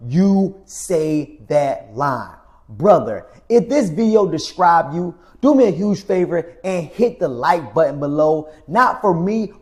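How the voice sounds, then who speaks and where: A man giving a slow, emphatic motivational talk to camera, preacher-like, often repeating "my friend" and dropping to a hush at phrase ends. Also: on the high side. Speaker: men's coach and channel host.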